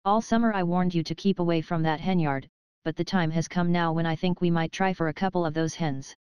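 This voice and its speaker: A woman reading the part of a shrewd, wise old female fox who lectures calmly in a storybook. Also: lowish voice, fairly quick, smooth, no room sound, muffled recording, lightly acted. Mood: scheming. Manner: calm, lecturing, matter-of-fact.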